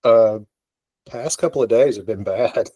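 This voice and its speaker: A man raised in the American South spins a rambling, self-mocking story on a podcast, putting on the voices of the people in it. His voice sits at a middling pitch. It sounds dry and close, with no room around it. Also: unhurried, mellow, slightly rough, dry recording. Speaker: podcast co-host. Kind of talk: casual storytelling chat.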